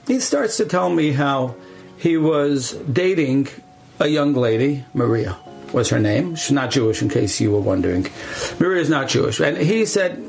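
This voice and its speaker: A man with a gravelly voice tells a story, sitting a touch higher than most men. He is a rabbi, and he talks in an animated way, slipping in Yiddish words and acting out each exchange. Faint music plays under him. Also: moderate pace, rough recording. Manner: animated, acts out the dialogue, uses Yiddish words. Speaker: rabbi at a camp. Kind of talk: storytelling talk.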